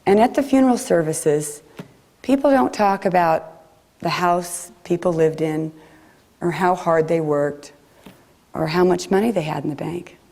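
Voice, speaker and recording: A woman preacher giving a gentle, reflective sermon in a chapel. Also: fairly low pitch, measured pace, gravelly.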